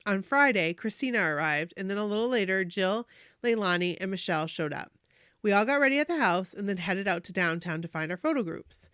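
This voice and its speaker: Woman podcast host reading a fan story out loud, gets all gushy, dry close sound. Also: medium pitch, brisk, smooth, no room sound. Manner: animated, gushing reading with emotional asides. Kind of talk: reading a fan story aloud, casual chat.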